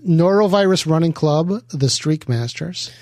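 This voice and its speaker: A man's voice: on the high side, darkish tone, dry recording, studio quality. A man co-hosting a podcast, reading a long list of listener names with crude jokes and casual swearing. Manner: rapid name-listing, joking, swears often. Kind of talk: casual banter.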